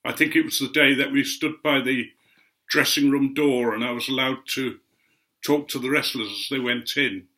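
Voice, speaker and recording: Older guy spinning a rambling yarn, crisp bright tone, average pitch. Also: fairly even intonation, normal speed. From Otley, Yorkshire, England. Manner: chatty and meandering, with gentle asides. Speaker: guest speaker recounting memories. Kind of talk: anecdotal storytelling.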